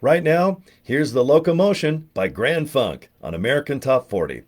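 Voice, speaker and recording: A man in his fifties imitating a smooth, upbeat male countdown radio DJ from the seventies. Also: medium pitch, big pitch swings, normal speed, darkish tone, pitched above the performer's own voice. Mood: chipper. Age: 50s. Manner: upbeat broadcast announcer delivery.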